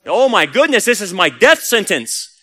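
A man's voice: sing-song, normal speed, bright, forceful tone, clean tone. A man voicing a panicky little male mouse who pleads with the other farm animals for help. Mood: panicked. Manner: pleading, breathless, high-strung.

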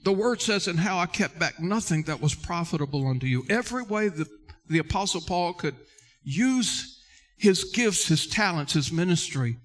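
A man's voice: sits high, animated, moderate pace, fairly bright tone. A male pastor preaching a sermon earnestly, addressing listeners directly and repeating key words for emphasis.

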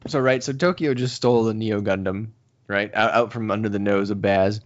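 A man's voice: on the low side, moderate pace. A man co-hosting a podcast, casually recapping a manga and acting out the characters' lines. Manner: animated storytelling, acts out characters' lines. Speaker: podcast co-host. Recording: slightly dull lo-fi audio.

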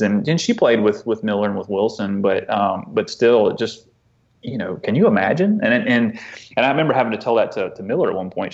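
A man telling a personal story as an interview guest, earnest and halting, often restarting his sentences. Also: lowish voice, lo-fi sound. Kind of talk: conversational storytelling.

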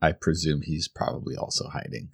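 A player in a tabletop role-playing game talks casually in a rumbling low, gravelly, slightly rough voice, fairly quick and level in tone. Easygoing, he thinks aloud with fillers about what his character will do.

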